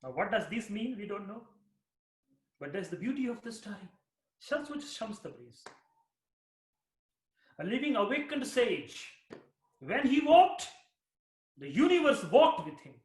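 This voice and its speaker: A man, a spiritual teacher, telling a mystic story slowly and dramatically, repeating lines for effect. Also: high voice, big pitch swings, darkish tone. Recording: roomy echo.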